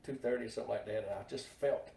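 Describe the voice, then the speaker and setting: A middle-aged man, a guest on a podcast, telling plainspoken anecdotes in a laid-back, unhurried way. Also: on the low side, vocal fry, dark tone, far from the mic. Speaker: guest, NASCAR team hauler driver. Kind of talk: casual storytelling in a podcast chat. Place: podcast table in a room. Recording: echoey room, voice a bit off-mic.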